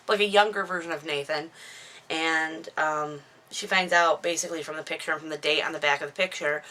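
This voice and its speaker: A woman in her thirties chats at home into a camera, wandering off into self-mocking asides as she recaps her own novel. Her voice sits low yet sounds bright and forward. The talk stays loose and unscripted. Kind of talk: casual chatty book recap to camera. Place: at home indoors, dog nearby. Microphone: camera microphone.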